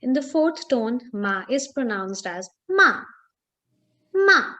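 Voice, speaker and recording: A woman walks a student through a Chinese lesson, speaking slowly and carefully. Her voice sits a bit high, and she pauses often with small fillers as she explains. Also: animated. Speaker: Chinese tutor. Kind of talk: online language lesson.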